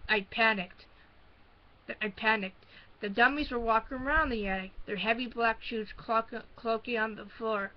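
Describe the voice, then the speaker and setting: A woman reading a spooky children's book aloud in first person, halting and restarting often. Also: on the high side, muffled recording. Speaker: storybook reader.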